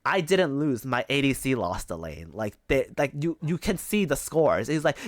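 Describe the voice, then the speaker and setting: A man's voice: medium pitch, sing-song, a little fast, few pauses, dry recording. A male streamer telling a gaming story in casual, profane chat, mocking the people he quotes.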